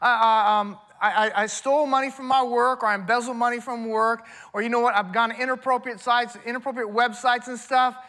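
A man's voice: extremely high pitch, fairly even intonation, a little fast, few pauses, pushed and bright. A man voicing a self-righteous man who brags and rationalizes that he never killed anyone. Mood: defensive bragging. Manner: defensive, bragging, rationalizing.

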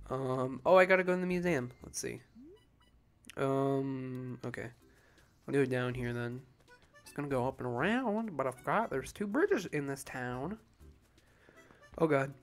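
Drowsy foul-mouthed gamer talking over a cozy game at home, mid-pitched voice, soft game music behind. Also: measured pace, long pauses. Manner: sleepy, profane, rambling. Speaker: let's play commentator. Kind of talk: casual game commentary.

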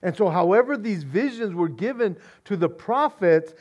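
A man preaching as a pastor, excited and casual, often repeating words and saying "man". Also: high voice, moderate pace. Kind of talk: expository sermon.

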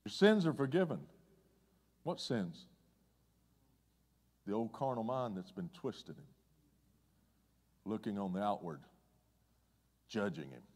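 A man preaching a conversational sermon as pastor, swinging between loud excitement and hushed, low asides. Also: normal speed, pauses often. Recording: long hall reverb.

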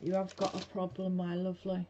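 A chatty, blunt woman runs a craft live stream from her home craft room, talking to viewers as she works in a casual demo. Her lowish, warm voice is briskly paced but completely flat in delivery. The audio is dull lo-fi with a faint hiss.

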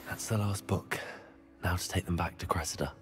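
A man's voice: sits low, fairly even intonation, fairly quick, loud music behind the voice, close to an everyday voice. An actor voicing a young male student wizard, the player character, in video game dialogue, plain and earnest.

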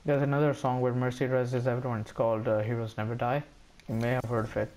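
A man's voice: mid-range voice, little pitch movement, quick pace, a little mellow. A young man chatting casually over a headset while gaming, teasing and cursing at his opponent. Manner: teasing trash talk, cursing. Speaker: gamer.

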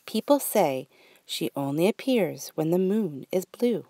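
A gentle, knowing grandmother from a children's storybook speaks softly in a lowered, hushed voice, as a woman plays her. She talks slowly, close to a dry mic. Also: animated, dry recording.

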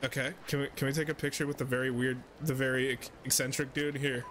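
A man's voice: mid-range voice, little pitch movement, fast talker, a bit bright, slight background noise. A young man streaming a video game, giving casual, profane commentary and laughing often. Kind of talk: casual let's-play commentary.

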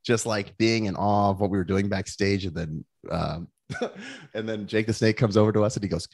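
A man guest telling a casual anecdote, animated and laughing often as he repeats himself. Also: lowish voice, normal speed, gravelly. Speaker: podcast guest.

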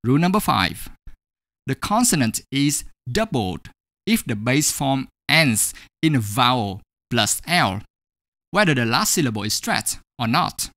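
Slow, deliberate male English teacher. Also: medium pitch, very animated, sharp tone, no echo, clean studio sound. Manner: slow, deliberate, repeats each example word twice. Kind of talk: grammar lesson.

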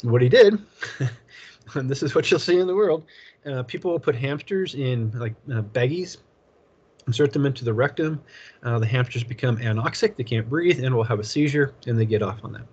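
Husky man giving a rambling lecture. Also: mid-range voice, moderate pace, a little mellow, highs cut off. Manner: rambling, chuckles often, tells anecdotes. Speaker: college instructor. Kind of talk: casual classroom lecture.

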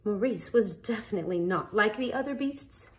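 A woman reading a picture book aloud with an expressive storytelling delivery. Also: medium pitch, moderate pace, noisy background. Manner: expressive, animated read-aloud.

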